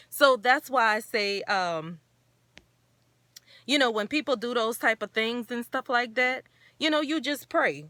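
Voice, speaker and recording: A woman's voice: on the high side, a little slow, bright, forceful tone, no echo. A woman hosting her own talk show, speaking earnestly and encouragingly in a rambling, casual way. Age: adult parent. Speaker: show host.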